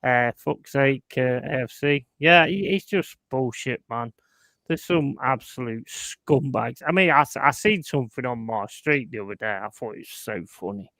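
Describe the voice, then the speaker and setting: A man's voice: mid-range voice, lively intonation, normal speed, bright, forceful tone, no echo. A man hosting a live stream, chatting casually and bluntly, swearing and joking with his chat.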